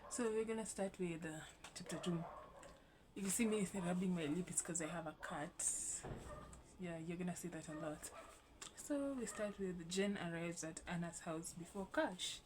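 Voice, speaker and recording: A woman's voice: fairly low pitch, moderate pace, background noise. A young woman hosting a casual vlog, rambling and swearing lightly as she reads her old writing aloud. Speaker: YouTube host.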